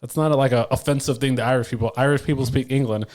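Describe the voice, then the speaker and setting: A man's voice: mid-range voice, steady tone, very fast, a little mellow. A man from the United States co-hosting a podcast, arguing and ranting in casual, profane chat. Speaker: podcast co-host.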